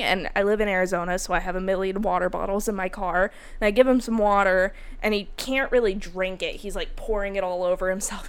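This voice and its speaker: A woman co-hosting a casual podcast, her voice sitting at an ordinary middle pitch. She tells her story in an animated, profane way. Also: a little fast, hardly any pauses, clean tone. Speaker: podcast co-host. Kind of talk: casual chat.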